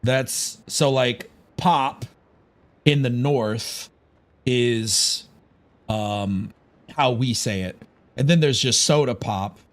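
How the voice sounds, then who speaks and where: A man's voice: mid-range voice, drawn-out words. A man from Chicago chatting casually on a gaming livestream, rambling, opinionated and swearing freely. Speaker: gaming streamer.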